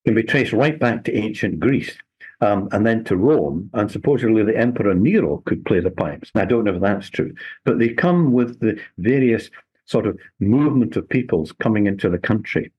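An older man, a local historian telling history in a measured, unhurried way during an interview. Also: on the low side, lively intonation, a little mellow, slightly rough, highs cut off. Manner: measured, unhurried storytelling with small restarts. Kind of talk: relaxed storytelling interview.

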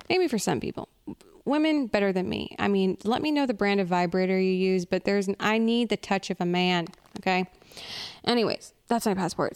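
Gravelly, smooth-voiced woman ranting bluntly. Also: mid-range voice, a little mellow. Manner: blunt, profane, oversharing. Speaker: podcast host. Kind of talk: comedic solo rant.

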